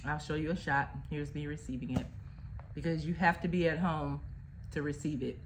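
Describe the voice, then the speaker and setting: A woman's voice: deep voice, fairly even intonation, moderate pace, background noise. A woman chatting casually to camera as a vlogger, folksy and full of fillers. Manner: chatty, uses "y'all" and fillers.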